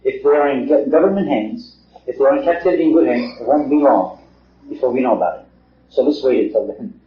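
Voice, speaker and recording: A man's voice: medium pitch, fast talker, a little hiss or hum. A middle-aged man giving an earnest talk to a small group, asking rhetorical questions and repeating himself. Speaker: lecturer. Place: meeting hall. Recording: echoey hall, dull 1950s tape.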